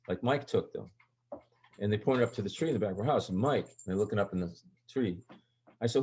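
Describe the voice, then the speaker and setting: An older man with a fairly low voice tells stories as an interview guest. He rambles and restarts sentences as he goes. When he acts out what people said, his voice jumps sharply higher and gets livelier. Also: brisk, long pauses. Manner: rambling, animated, jumps high for quoted lines. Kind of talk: casual storytelling.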